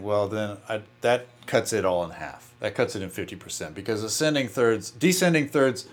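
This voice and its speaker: Laid-back guitarist explaining with loose restarts. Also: male voice, lowish voice, very animated, normal speed, few pauses. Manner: loose, demonstrating, many restarts and "you know"s. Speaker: guitarist and interviewee. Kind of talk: relaxed explanatory interview talk.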